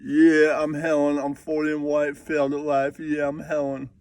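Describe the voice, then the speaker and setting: A man's voice: a little high, monotone, moderate pace, darkish tone, no room sound, distant mic, close to an everyday voice. Man playing brash catchphrase-spouting showbiz wannabe, dry close sound. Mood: cocky. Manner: cocky catchphrase-repeating swagger. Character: brash boastful Hollywood-dreaming man named Helen.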